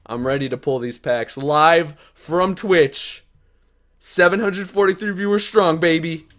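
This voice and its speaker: This young streamer's voice is on the high side and a little slow. Opening game card packs live, he's pumped up and talks to the player cards, alternating between low mutters and abrupt yelling.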